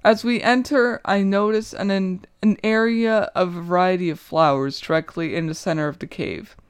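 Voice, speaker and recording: A woman's voice: lowish voice, steady tone, normal speed, clean tone, no room sound. A young woman reading her own short story aloud in the first person, with an earnest, emotional, inward delivery.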